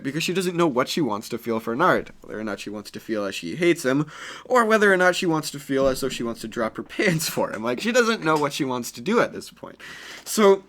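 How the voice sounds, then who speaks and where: A man's voice: mid-range voice, a bit bright. A man improvising a fan story in a rambling, crude and self-conscious way.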